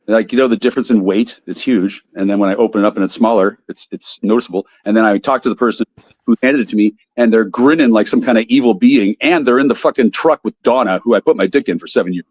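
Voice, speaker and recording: A man rants on a video call, hurling profanity and demanding answers. His voice is husky and his delivery rapid. The sound is close and dry. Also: mid-range voice, no echo. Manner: angry, combative, profane. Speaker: guest on a live call-in stream. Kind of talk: profane ranting.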